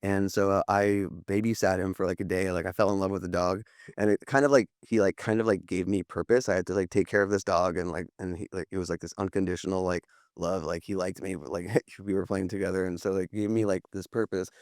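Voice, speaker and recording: Guy in his 30s, deep smooth voice, dry close sound, lots of um and like. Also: flat delivery, quick pace, darkish tone, no echo. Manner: rambling, lots of fillers and restarts. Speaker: podcast guest in recovery. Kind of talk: candid interview talk.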